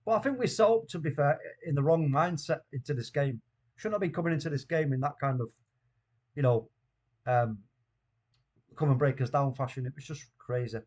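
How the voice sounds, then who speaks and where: A man with a high-pitched voice hosts a live football watchalong stream. He greets his chat by name in easy slang and lurches between shouted disbelief and flat, tired muttering. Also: a little fast. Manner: swings from shouting disbelief to low, weary muttering. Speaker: host of a fan watchalong stream.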